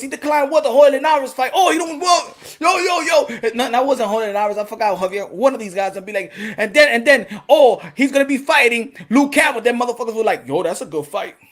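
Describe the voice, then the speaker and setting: A man giving a casual, profane monologue as a boxing commentator, animated and laughing often, acting out voices. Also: extremely high pitch.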